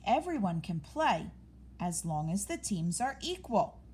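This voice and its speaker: A woman voicing a small, brave, fair-minded female mouse in a squeaky, eager voice. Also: big pitch swings, a little slow, a little mellow, slight background noise.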